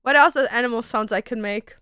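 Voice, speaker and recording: A woman's voice: on the high side, brisk, sharp tone, clear, resonant tone, no room sound, studio quality. A young woman streamer in casual chat, goofy and swearing freely as she tries out silly voices and animal sounds. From Canada.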